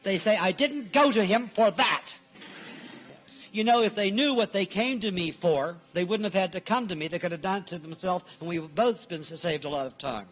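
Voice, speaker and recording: A man's voice: high voice, a little fast, hardly any pauses. A male minister delivering a sermon in a church, emphatic, repeating his key phrases and acting out the people he quotes.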